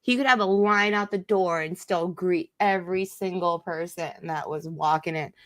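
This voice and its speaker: Low-pitched woman in casual chat. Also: steady tone, normal speed, dry recording, studio quality. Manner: laughs along, chatty and blunt.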